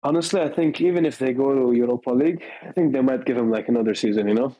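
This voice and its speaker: A male podcast guest with a warm, mellow voice and a husky edge. He speaks in a halting, hesitant manner in a casual chat. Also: medium pitch, low-quality recording.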